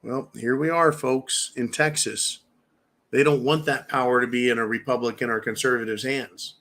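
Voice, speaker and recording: A man's voice: medium pitch, steady tone, normal speed, a bit bright. A man in his fifties hosting a preparedness channel, talking straight to his viewers in a blunt, fired-up monologue and swearing freely. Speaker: prepper channel host. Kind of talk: opinionated monologue.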